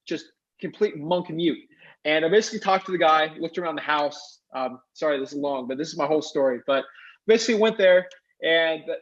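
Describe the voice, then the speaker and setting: A young man telling a fast, excited story as a guest, acting out the other people's voices as he quotes them. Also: on the high side. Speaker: guest investor. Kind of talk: animated storytelling. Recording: dull lo-fi sound.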